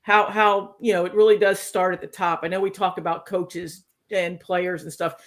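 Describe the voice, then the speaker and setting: Woman cohost rambling about sports, excited, trips over her words. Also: fairly low pitch, moderate pace. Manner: rambling, restarts often, enthusiastic. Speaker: podcast co-host. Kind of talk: casual podcast chat.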